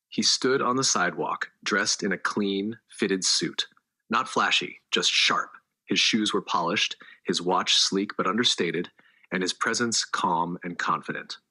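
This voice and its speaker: A man with a very low voice narrates a scripted story, each line measured and dramatic. His delivery is hard-hitting and forceful.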